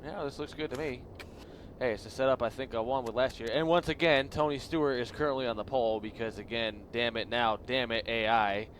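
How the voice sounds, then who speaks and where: A man's voice: medium pitch, fairly even intonation, a little fast, fairly bright tone, slight background noise. A man hosting a gaming channel, giving casual, rambling gameplay commentary and laughing a lot.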